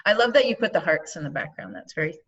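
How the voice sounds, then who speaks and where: Female classmate, tentative, thinks out loud, muffled video-call audio. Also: deep voice, big pitch swings, quick pace. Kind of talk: asking questions in class.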